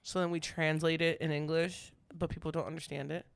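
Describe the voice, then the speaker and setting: A man co-hosting a podcast in casual chat, chatty and quick to laugh, with lots of fillers. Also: a little high, little pitch movement, vocal fry, dry recording, clean studio sound. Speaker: podcast co-host.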